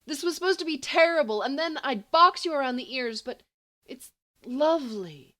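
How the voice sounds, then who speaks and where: A woman reading an imperious, sharp-tongued young woman. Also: high-pitched, expressive, normal speed, voice pushed up. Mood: frantic, flustered. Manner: frantic, teasing threats. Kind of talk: amateur audiobook reading.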